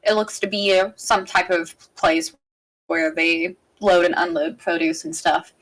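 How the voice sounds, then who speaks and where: A woman's voice: fairly low pitch, fairly even intonation, unhurried, low-quality recording. A woman narrating a tabletop game as game master, in a casual and rambling way. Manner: casual, rambling, with frequent restarts.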